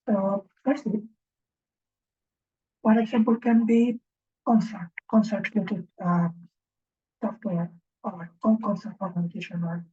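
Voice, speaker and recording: A woman giving an informal recorded lecture as instructor, speaking haltingly and thinking aloud, often checking in with a questioning "right?". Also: mid-range voice, husky. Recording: dull lo-fi recording.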